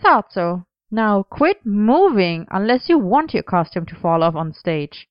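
Reader doing a bossy, cheerful young seamstress, brisk and teasingly stern, lifted a little higher than her smooth, dry narrating voice; slightly dull recording. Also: big pitch swings, dry recording. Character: cheerful bossy young woman costume maker.

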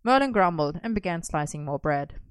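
A woman's voice: on the low side, animated, fairly quick. A woman reading a lighthearted story aloud with wry, comic timing. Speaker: narrator.

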